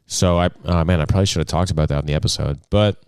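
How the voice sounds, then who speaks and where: A man's voice: deep voice, steady tone, racing, darkish tone, smooth, no echo, clean studio sound. A young man hosting a casual solo podcast at home, rambling and joking about himself. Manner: rambling, jokey and self-deprecating. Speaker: podcast host.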